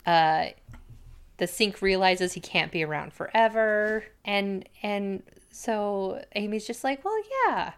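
A woman's voice: mid-range voice, steady tone, clear, resonant tone. Chatty woman recapping a show. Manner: chatty, quotes characters in quick bursts. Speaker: podcast co-host. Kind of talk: casual chat recapping a TV episode.

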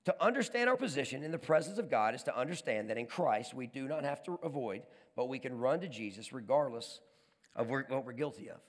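A male pastor delivers a sermon in an animated storytelling manner, often repeating and restarting words. His voice sits in a middle pitch range, and a long reverb trails behind it as in a large hall. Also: fairly quick.

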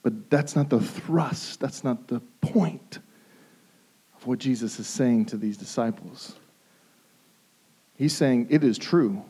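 A male pastor preaching a sermon, emphatic and repeating phrases for stress, moving between hushed intensity and raised pleas. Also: mid-range voice, slow pace, long pauses, slightly rough.

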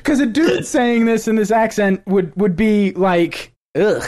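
A man's voice: high voice, expressive, unhurried, darkish tone. A man from the American South co-hosting a podcast, chatting casually and laughing often as he mocks what he is hearing. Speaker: podcast co-host. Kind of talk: casual chat.

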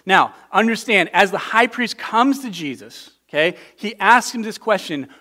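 High-voiced, earnest male preacher. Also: lively intonation, normal speed, pushed and bright. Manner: earnest, emphatic, often repeats words when restarting. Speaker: pastor. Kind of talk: conversational sermon.

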